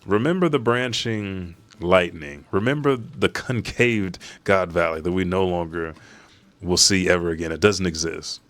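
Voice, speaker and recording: A man hosting a casual reaction, reading a chapter aloud. He swears freely and gets excited. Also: low voice, moderate pace, no room sound. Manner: profane, excitable, reads quoted lines aloud. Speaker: manga reaction host.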